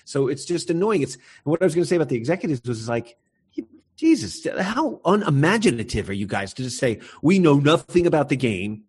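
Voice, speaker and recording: A podcast host rants with exasperated energy, and his pitch leaps and swoops as he talks. The delivery stays casual and chatty throughout. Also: fast, slightly rough. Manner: animated, exasperated ranting. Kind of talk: casual sports chat.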